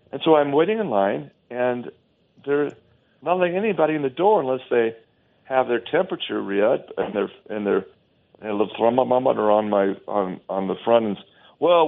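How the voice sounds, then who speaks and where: A man's voice: medium pitch, gravelly. A man talking emphatically and scornfully as a guest on a talk show, often restarting his sentences, heard over a phone line.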